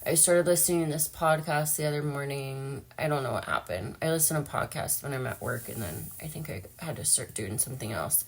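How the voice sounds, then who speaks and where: A young woman with a rumbling low, slightly bright voice chats casually in a personal vlog. She's emotional, talkative, and uses lots of filler words.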